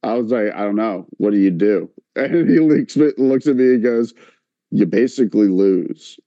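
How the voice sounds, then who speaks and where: A man's voice: medium pitch, moderate pace, no room sound, muffled recording. A man on a podcast telling a long story in casual chat, full of filler likes and quoting others as he goes. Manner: animated, many filler likes, quotes others in voices.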